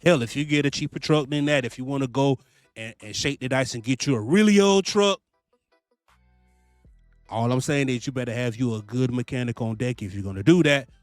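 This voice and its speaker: Animated trucker man, dry close sound. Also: medium pitch, brisk, no room sound, faint music behind. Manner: animated, repetitive, preachy, swears freely. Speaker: trucking vlogger, lease purchase owner-operator. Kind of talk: casual advice vlog.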